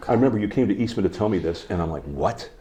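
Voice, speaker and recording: A man interviewing a friend, asking questions and jumping in with quick, supportive remarks. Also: on the low side, warm tone, a little hiss or hum. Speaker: interviewer, bass trombonist. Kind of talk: casual interview.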